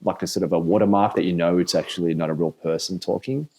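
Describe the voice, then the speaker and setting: A man's voice: low-pitched, fairly even intonation, fast talker, mellow. A man co-hosting a casual podcast chat, explaining his ideas at length. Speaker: podcast co-host.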